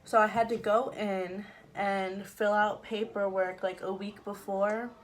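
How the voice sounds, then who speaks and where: Young woman, casual vlog storytelling, chatty, filler words, middle pitch, faint background hum. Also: little pitch movement, a little slow. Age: young adult. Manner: chatty, laughs now and then, many fillers. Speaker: vlogger.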